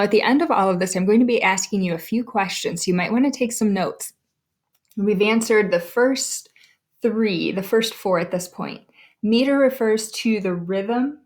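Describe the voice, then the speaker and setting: A woman teacher giving a recorded lesson, speaking clearly and deliberately as she sounds out names and syllables for her students. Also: mid-range voice.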